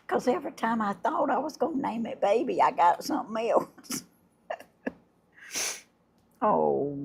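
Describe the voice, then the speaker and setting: An older woman, hosting a casual livestream and chatting warmly and effusively with her viewers, laughing often. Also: fairly high pitch, sing-song, measured pace, creaky, long pauses, husky. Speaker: livestream host. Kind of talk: casual live chat unboxing gifts.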